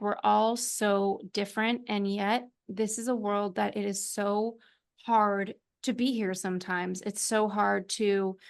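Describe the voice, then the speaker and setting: A woman hosting a podcast, talking candidly and reflectively, thinking aloud with fillers. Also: mid-range voice. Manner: candid, reflective, talks things through with fillers. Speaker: podcast host. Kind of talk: podcast conversation.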